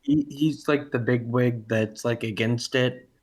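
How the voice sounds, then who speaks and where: A man in a relaxed podcast chat who talks slowly and rambles. He jokes around and loses his thread. His voice sits at an ordinary middle pitch. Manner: rambling, jokey, loses his train of thought. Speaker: podcast co-host. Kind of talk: casual film podcast chat.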